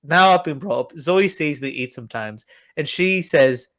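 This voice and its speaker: A man's voice: fairly high pitch, lively intonation, moderate pace, fairly bright tone. A young British man co-hosting a podcast, telling rambling, joking stories in casual chat. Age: young adult. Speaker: podcast co-host.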